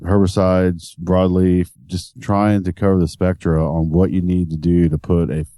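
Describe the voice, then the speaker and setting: Deep, very dark-toned male co-host. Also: level tone, moderate pace, dry recording, studio quality. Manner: plainspoken, stumbles on words. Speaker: podcast co-host. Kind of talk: casual podcast chat.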